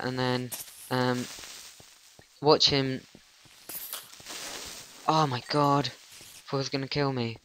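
Give me a slow-talking, jumpy man narrating gameplay. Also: mid-range voice, fairly bright tone, smooth. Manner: jumpy, panicky, talks back at game monsters. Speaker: gaming channel host. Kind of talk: casual gameplay commentary.

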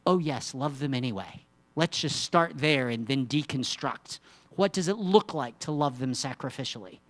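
A man preaching from the pulpit, his voice sitting a little on the high side. He drops into hushed, low asides, then climbs to loud, emphatic peaks. Along the way he throws out rhetorical questions and teasing remarks to the congregation. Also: moderate pace. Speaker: pastor. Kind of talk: sermon.

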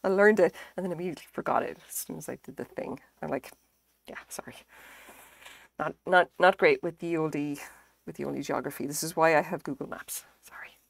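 A woman with a lilt chats away to her stream, her voice sitting on the lower side. She rambles, curses casually and pokes fun at herself. The sound is dry and close, with no room around it. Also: fast talker, gravelly, dry recording. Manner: rambling, self-deprecating, swears freely. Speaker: livestreamer. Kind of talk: casual live-stream chat. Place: home craft stream setup.

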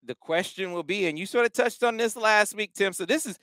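A man co-hosting a sports podcast, chatting casually and telling stories with animated emphasis. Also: high-pitched, fairly quick, no echo, clean studio sound. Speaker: podcast co-host.

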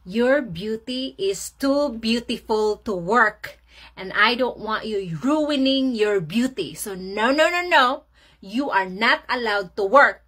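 A woman's voice: fairly high pitch, expressive, slow, fairly bright tone, exaggerated voice. A woman voicing a fretful, doting old husband who gushes and pleads with sugary sweetness. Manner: gushing, pleading, overly sweet.

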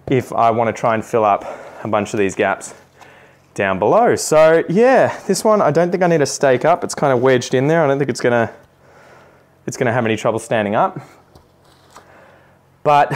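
A man with an Australian accent who talks viewers through repotting a plant in a casual, self-deprecating way, with joking asides. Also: medium pitch. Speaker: plant vlogger. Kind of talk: casual how-to narration while repotting.

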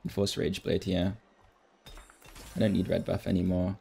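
A man streaming a strategy game, thinking aloud in casual commentary with relaxed, mumbled asides. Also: deep voice, normal speed, creaky.

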